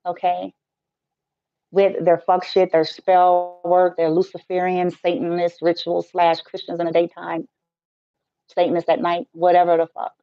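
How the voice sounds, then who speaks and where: The woman's voice is fairly low, smooth and monotone, a little slow, with no room sound. A Reiki healer and spiritual teacher, she jokes, swears and speaks bluntly in a casual live-stream rant, and the audio is dry, dull and lo-fi.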